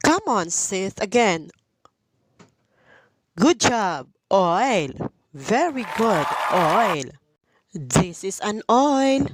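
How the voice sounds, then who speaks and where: Slow, sing-song woman teaching phonics. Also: mid-range voice, big pitch swings, slight background noise. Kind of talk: phonics lesson for young children.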